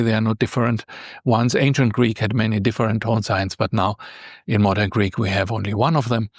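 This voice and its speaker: Man, language teacher, patient step-by-step explaining, medium pitch, dry close sound. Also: no echo. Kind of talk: beginner language lesson.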